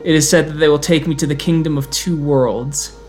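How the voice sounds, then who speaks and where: A man's voice: a little high, steady tone, brisk, darkish tone, faint music behind, natural voice. A man voicing a hardened young South American teen who speaks formally and cryptically, with a thick Spanish accent. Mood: calm.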